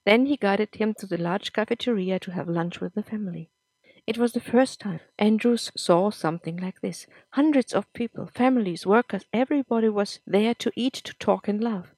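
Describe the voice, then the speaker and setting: A woman reading a serialized story aloud for her podcast in a steady, plain manner. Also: medium pitch, normal speed, dry recording. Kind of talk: scripted story narration.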